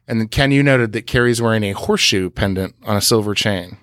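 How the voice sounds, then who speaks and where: A man's voice: fairly low pitch, a little fast, few pauses, a bit bright, no echo, clean studio sound. A man hosting a podcast, recapping scenes in detail in a casual way, with frequent "uh" fillers. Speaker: podcast host.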